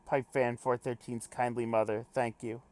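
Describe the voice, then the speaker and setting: Man reading a stuffy, clipped log-keeping explorer, mid pitch, dry sound. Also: level tone, normal speed, a little mellow, no room sound, lightly acted. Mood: stiff. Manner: clipped telegraphic log-speak, pompous wording. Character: terse, formal male adventurer logging reports.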